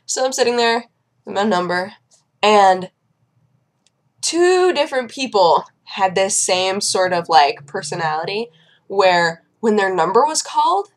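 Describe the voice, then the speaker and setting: A woman's voice: medium pitch, big pitch swings, measured pace. A young woman chats casually to her viewers in a vlog. She tells everyday stories in a loose, conversational way and now and then acts out the people she describes. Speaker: vlogger. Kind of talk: casual chat.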